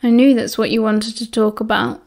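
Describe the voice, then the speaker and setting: A woman voicing a dry, irritable teenage boy who speaks flat and curt, in a British accent. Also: on the high side, moderate pace, vocal fry.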